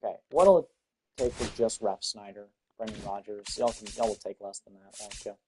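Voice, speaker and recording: A man's voice: fairly low pitch, normal speed, noisy background. A young man thinking aloud in casual, blunt commentary while playing a baseball game. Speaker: gaming channel host.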